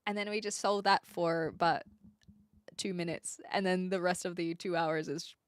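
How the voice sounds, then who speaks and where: A woman's voice: fairly low pitch, steady tone, normal speed, smooth, dry recording, clean studio sound. A woman, streaming and chatting casually as she reads viewer comments, rambling and playful with frequent giggles.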